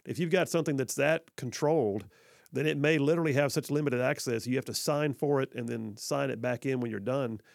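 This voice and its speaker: Gravelly man hosting talk radio. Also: mid-range voice, brisk, dry recording, studio quality. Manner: chatty, hesitant with many fillers. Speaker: radio talk show host.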